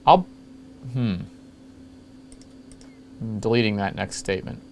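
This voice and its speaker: A man hosting a casual screen-capture walkthrough of old software, rambling along with jokey, self-mocking asides. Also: lowish voice, slow, slight background noise. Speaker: retro computing video host.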